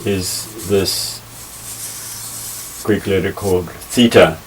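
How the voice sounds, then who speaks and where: A man teaching a Bible lesson, measured and careful, pausing often with fillers as he explains. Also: low voice. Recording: slightly distant mic with faint ambient noise.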